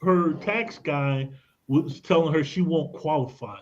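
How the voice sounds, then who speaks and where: Male radio guest expert with a high-pitched voice; pushy, persuasive delivery peppered with slang, heard on a muffled broadcast. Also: measured pace. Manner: emphatic, persuasive, casual slang. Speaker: credit and tax expert guest. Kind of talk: radio talk show guest explaining. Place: radio studio.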